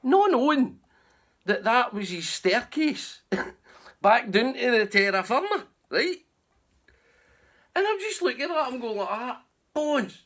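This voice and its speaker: A man's voice: very high-pitched, very animated, unhurried, long pauses, a bit bright. A man with a Scottish accent telling a rambling camping story in a casual, sweary way, laughing as he goes.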